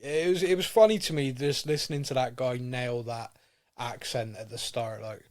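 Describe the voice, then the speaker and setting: A man's voice: medium pitch, normal speed, a little mellow. A man co-hosting a podcast, chatting in a casual, rambling and enthusiastic way. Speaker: podcast co-host. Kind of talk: casual chat.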